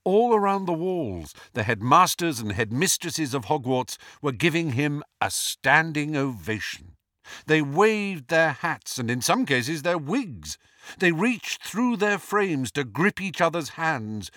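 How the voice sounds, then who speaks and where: A man reading a fantasy novel aloud as an audiobook narrator, with expressive, measured storytelling. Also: a little high, no room sound, studio quality. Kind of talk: scripted narration.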